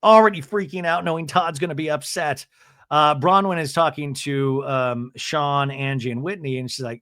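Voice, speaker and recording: A man hosting a comedy podcast, recapping a TV episode in a joking, animated way with lots of fillers. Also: a little high, normal speed, no echo, clean studio sound. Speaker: podcast host.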